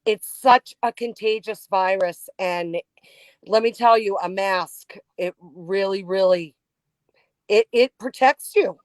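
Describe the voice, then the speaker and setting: A woman hosts a podcast over a remote call. She talks haltingly, full of restarts and fillers, in an emotional, casual chat. Her voice sits in a middle register and sounds dry and close, with no room around it. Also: mid-range voice, no echo. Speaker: podcast host.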